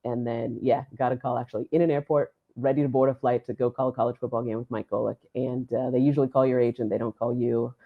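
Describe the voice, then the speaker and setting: A woman sports announcer telling a story in a podcast interview, animated and laughing often as she acts out what people said. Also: a bass voice, fast, few pauses, narrow, tinny audio. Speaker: sports play-by-play announcer, guest.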